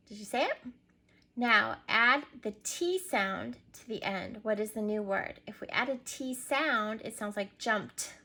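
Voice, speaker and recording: A woman with a slightly high voice and a sharp tone gives a recorded reading lesson to young children. She patiently prompts them and spells words out letter by letter.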